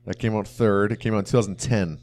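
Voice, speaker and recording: A young man co-hosts a casual movie review chat, rambling with lots of fillers and mimicking movie lines. His voice is on the low side, a little mellow, with fairly even intonation, and he talks fast.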